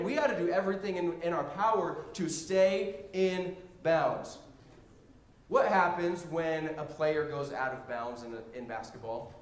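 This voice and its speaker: A man giving a sermon built around a personal story, told in a humorous, animated way. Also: high-pitched. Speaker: preacher. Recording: roomy echo.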